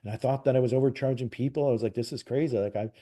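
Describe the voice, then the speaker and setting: A man's voice: mid-range voice, racing. A man from Canada, a psychic medium, casually telling a personal story as an interview guest, acting out quoted dialogue with lots of restarts. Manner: animated retelling, acts out quoted dialogue, frequent "like" and restarts.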